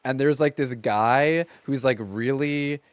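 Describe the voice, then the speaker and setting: A man's voice: mid-range voice, takes it slowly, clear, resonant tone, no room sound. A man in his thirties chatting casually on a live stream from home, rambling along with lots of filler words.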